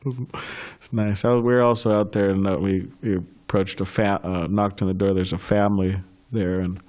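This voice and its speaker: A man with a somewhat low voice leads a scripture class. He tells anecdotes in a relaxed, chatty way, full of restarts and small laughs, before he opens the floor to questions. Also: normal speed. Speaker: class speaker.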